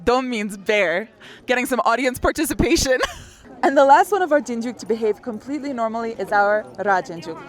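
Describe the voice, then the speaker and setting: Outdoors in a busy public place, a woman with a slightly high, expressive voice gives a casual language lesson at a brisk pace. She explains things step by step in a friendly way and laughs often, while onlookers gather in the street.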